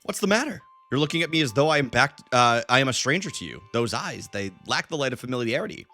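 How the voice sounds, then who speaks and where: A man's voice: medium pitch, very animated, fast, pushed and bright, faint music behind. Man reading as a grave old elder woman. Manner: formal, read plainly off the screen. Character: ancient wise old female elder, grave.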